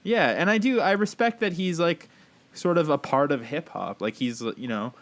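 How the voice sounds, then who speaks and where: A man's voice: fairly high pitch, animated, moderate pace. A man co-hosting a casual podcast chat, rambling with lots of fillers and reading aloud in a wry tone. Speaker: podcast co-host.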